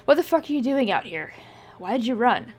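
A woman voicing a blunt, gruff young man who talks in a dry, tired way and swears. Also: a little high, sing-song, brisk, darkish tone.

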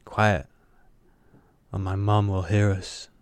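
A man voicing a confident, possessive young man with a velvety, growling baritone that teases and commands. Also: level tone, slow, smooth. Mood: urgent. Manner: teasing, intense, commanding.

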